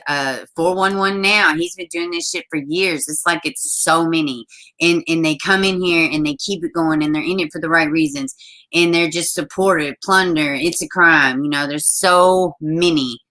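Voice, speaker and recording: A young adult woman hosting a casual live-stream chat, blunt and animated, swearing freely. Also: deep voice, moderate pace. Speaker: channel host.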